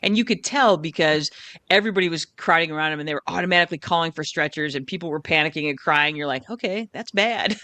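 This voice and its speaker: Brief: American woman, casual podcast host, bright voice, laughs easily, swears. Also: deep voice, fast, dry recording. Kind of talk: casual chat.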